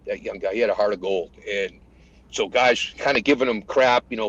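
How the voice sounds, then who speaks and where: A retired American master sergeant, a man, retelling combat stories in casual conversation and acting out the shouted lines. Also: lowish voice, a little fast, lo-fi sound. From United States. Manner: animated retelling, acts out shouted quotes. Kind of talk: conversational war storytelling.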